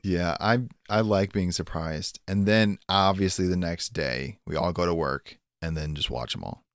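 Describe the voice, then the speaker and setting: A man's voice: low-pitched, normal speed, no room sound, clean studio sound. A young man co-hosting a film podcast, chatting in a laid-back way, saying "dude" and trailing off. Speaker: podcast co-host. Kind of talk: casual chat.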